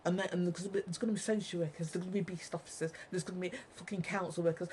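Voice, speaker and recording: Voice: mid-range voice, fairly even intonation, fast, hardly any pauses, darkish tone, a little hiss or hum, rough recording. A speaker in an angry monologue to viewers, ranting, repeating and swearing heavily. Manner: ranting, heavily profane, repetitive. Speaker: vlogger.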